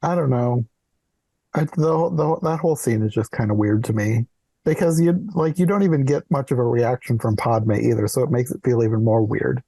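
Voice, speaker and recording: Mellow-voiced man recapping a film. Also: mid-range voice, moderate pace, gravelly, no echo. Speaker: podcast host. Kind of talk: casual movie recap.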